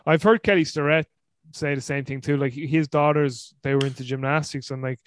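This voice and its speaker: Animated Irish man, podcast host. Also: fairly high pitch, a little fast. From Ireland. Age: 30s. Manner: animated, laughing, acts out quotes. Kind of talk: casual interview chat.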